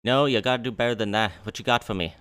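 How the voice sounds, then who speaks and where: A man's voice: mid-range voice, fast, a bit bright, smooth, no echo, natural voice. A man voicing a coarse, scheming middle-aged merchant who swears and talks with a vague put-on accent. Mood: sly.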